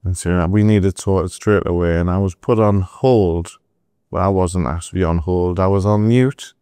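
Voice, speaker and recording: A middle-aged man from England, telling animated stories as a guest in a podcast interview, with asides to the host. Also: sits low, clear, resonant tone, no echo, clean studio sound. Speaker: entrepreneur guest.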